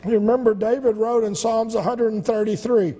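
A man's voice: sits high, steady tone, fairly quick, warm tone, breathy edge. A male pastor preaching a sermon, stacking rhetorical questions and stumbling over restarts. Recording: long church-hall reverb.

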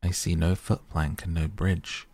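A man's voice: sits low, little pitch movement, measured pace, darkish tone, slightly rough, dry recording, exaggerated voice. A man reading the lines of a young boy in a fairy tale. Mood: eager. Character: young boy, eager and practical.

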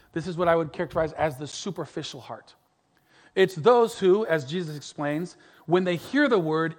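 A middle-aged male pastor preaching a sermon earnestly, repeating words, building to emphatic peaks and dropping to soft, quiet lines. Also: high-pitched.

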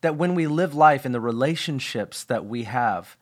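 A man's voice: medium pitch, expressive, moderate pace. A man, a pastor, giving an earnest devotional talk on his podcast, stressing and repeating key phrases, with small slips and restarts.

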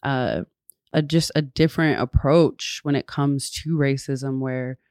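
A woman's voice: a bass voice, steady tone, measured pace, a little mellow, clear, resonant tone, no echo, studio quality. A woman guest from talking in an earnest, thoughtful way, with fillers, in a casual conversation. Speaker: podcast guest.

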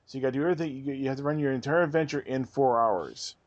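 Halting man chatting on a podcast. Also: mid-range voice, muffled recording. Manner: halting, restarts and repeats words. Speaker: podcast host and game master. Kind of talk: casual chat.

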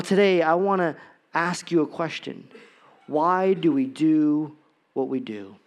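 High-voiced male pastor telling a story. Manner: storytelling, expressive, rhetorical questions. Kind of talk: sermon with personal story.

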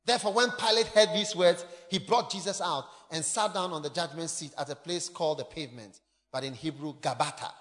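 High, animated man preaching in an echoing hall. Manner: animated, emphatic, bursts into shouts. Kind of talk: sermon reading and explaining scripture.

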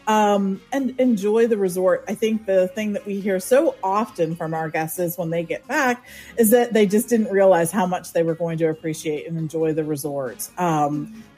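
A woman co-hosting a podcast, giving practical travel advice in a steady way with frequent ums. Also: on the low side, normal speed, husky, faint music behind.

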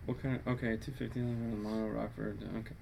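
A man's voice: on the low side, little pitch movement, a little fast, vocal fry, dark tone. A man hosting a casual live-stream show, explaining car audio setups in a rambling, self-correcting way.

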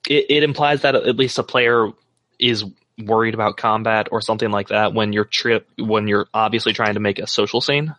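A man taking part in a casual tabletop gaming chat, emphatic and jokingly blunt. His tone is bright and his pitch is fairly low. The sound is dry. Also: steady tone, moderate pace, no echo.

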